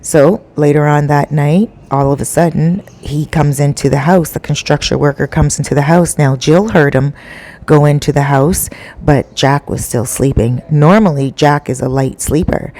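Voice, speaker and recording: A woman's voice: low-pitched, fairly even intonation, normal speed, warm tone. A middle-aged woman vlogger retelling a story in a casual, conversational way with dramatic flair.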